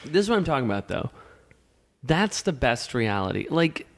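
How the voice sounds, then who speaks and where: A man's voice: mid-range voice, big pitch swings, normal speed, creaky. A man co-hosting a casual podcast chat, talking in a chatty, playful way and often trailing off mid-thought. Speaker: podcast co-host.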